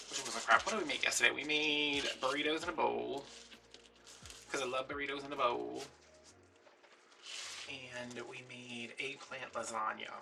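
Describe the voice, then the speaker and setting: A young man hosting a craft video tells a rambling story in casual chat, using higher voices for the people he quotes. His tone is steady with vocal fry at a normal speed, recorded from a distance with background music.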